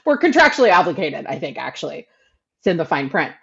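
A woman's voice: deep voice, fast, creaky. A woman around forty, co-hosting a podcast and telling stories in casual chat with a lot of laughter. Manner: animated, laughing storyteller. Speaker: podcast co-host. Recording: dull lo-fi audio.

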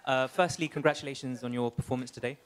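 A man's voice: mid-range voice, steady tone, fast talker, slight background noise. A man reporting at a press conference, asking a fighter friendly, chatty questions.

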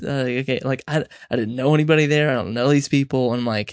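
Speaking quickly with hardly any pauses, a young podcast host with a mid-range voice offers casual advice on his own, rambling and self-correcting. Little quoted exchanges get acted out, and the sound is clean studio quality without echo.

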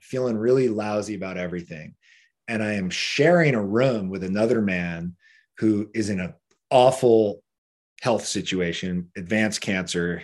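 Man telling a story, profane and laughing. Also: lowish voice. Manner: profane, laughing, heavy use of "like". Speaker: podcast guest. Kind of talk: casual storytelling.

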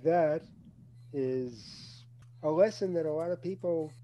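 A man's voice: a little high, slow pace, warm tone, a little hiss or hum. A man hosting an interview podcast, dropping dry, joking asides. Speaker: podcast host. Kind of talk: casual interview conversation.

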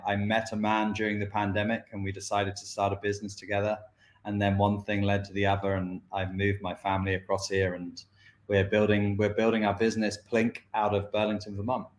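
A man's voice: fairly low pitch, echoey room. A man from London with a British accent, a company co-founder telling his story as an interview guest in a fluent, friendly way. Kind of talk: interview conversation.

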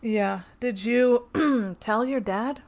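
Woman, higher voice, interview host, brief supportive replies. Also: very slow, a little mellow. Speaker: podcast host. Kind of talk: interview host, listening responses.

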